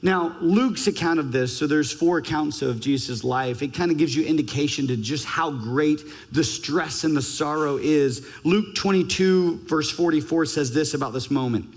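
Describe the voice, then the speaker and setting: A man preaching a sermon as pastor, emphatic, ranging from raised urgency to hushed scripture reading. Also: normal speed, hardly any pauses. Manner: emphatic, varies pitch and pace widely, drops to a hush for scripture. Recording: long church hall reverb.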